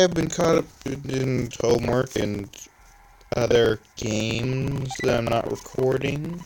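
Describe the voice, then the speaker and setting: A man's voice: medium pitch, steady tone, measured pace, creaky, a little mellow, poor audio. Young man, 18, rambling game commentary, self-correcting, mid-range voice, faint hiss behind. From Canada. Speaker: let's play host. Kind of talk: casual gameplay commentary. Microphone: phone screen-recorder mic.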